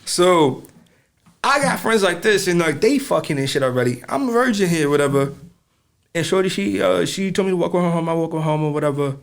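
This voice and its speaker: A man co-hosting a casual podcast with a gravelly, fry-laced voice. He tells blunt, slangy stories about his friends. His laughter comes in loud bursts. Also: a little high, lively intonation, a little fast. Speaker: podcast co-host. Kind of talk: casual chat.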